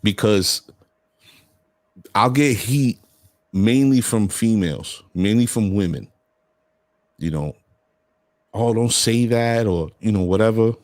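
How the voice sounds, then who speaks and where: A man's voice: on the low side, slow pace, pauses often, no echo. A man hosting a casual podcast chat, talking bluntly and animatedly. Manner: blunt, animated storytelling with profanity. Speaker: podcast host.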